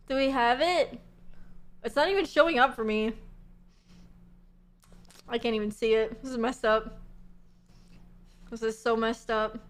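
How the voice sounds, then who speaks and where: High-voiced giggly streamer woman. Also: takes it slowly, pauses often. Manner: giggly, chatty, lots of fillers and swearing. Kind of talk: casual chat with stream chat.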